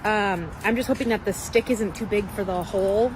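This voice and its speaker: A woman's voice: medium pitch, normal speed, noisy background. Wry woman narrating a car mishap vlog. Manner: self-mocking, wry.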